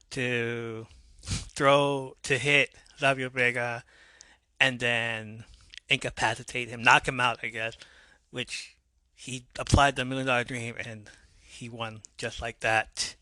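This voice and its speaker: This is a man hosting a casual podcast, excitable and quick to joke between his read-out passages. His voice sounds sharp and bright. The sound is dry and close to the mic. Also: medium pitch, smooth, no room sound. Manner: excitable, laughs and jokes, swings between reading and riffing. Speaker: podcast host.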